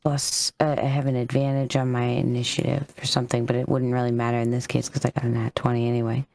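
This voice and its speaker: A woman's voice: a bass voice, monotone, fast talker, creaky, darkish tone, no echo. A woman playing a tabletop game, chatting casually and sounding unsure as she searches her notes and trails off mid-thought.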